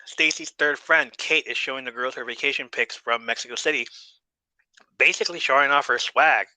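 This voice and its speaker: Male podcast host, laid-back recap style, bright sharp tone, dry close sound. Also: mid-range voice, a little fast, dry recording, poor audio. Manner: laid-back, swears casually, laughs often. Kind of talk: casual episode recap.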